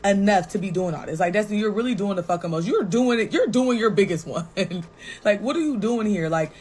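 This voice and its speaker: A young woman guest on a talk show tells a personal story in a casual way, blunt, animated and full of swearing. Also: medium pitch, slight background noise, poor audio. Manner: blunt, profane and animated, with frequent "like" and "right?".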